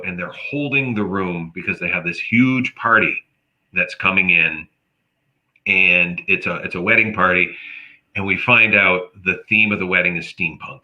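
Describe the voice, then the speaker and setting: A man from Canada, a comedian telling a story in casual chat and acting out the people in it. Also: on the low side. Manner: animated, acts out quoted voices. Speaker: comedian guest. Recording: dull lo-fi audio.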